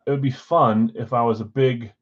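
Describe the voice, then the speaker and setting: A man's voice: medium pitch, steady tone, normal speed, lo-fi sound. A tired, yawning man hosting a live card break stream. He chats casually with viewers and calls out which teams they hold. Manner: chatty, rambling, talks straight to viewers. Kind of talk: casual live-stream chat, calling out team spots.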